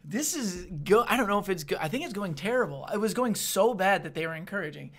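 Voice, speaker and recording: A man's voice: high-pitched, fast. A young man, a stand-up comedian, chatting casually and acting out the people in his stories. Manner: animated storyteller, acts out hecklers. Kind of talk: casual chat.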